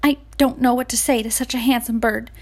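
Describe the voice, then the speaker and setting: A woman's voice: fairly high pitch, fairly even intonation, brisk. A woman voicing a small, shy hen in a storybook, timid and unsure. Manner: timid, quiet self-doubt.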